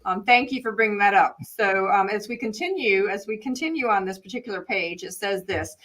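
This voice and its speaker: Enthusiastic woman host, reads passages aloud to an online study group, slows down for emphasis. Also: mid-range voice, a bit bright, poor audio. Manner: enthusiastic, slows right down to stress key passages. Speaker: course host leading a study session. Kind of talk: live online study class, reading aloud and commenting.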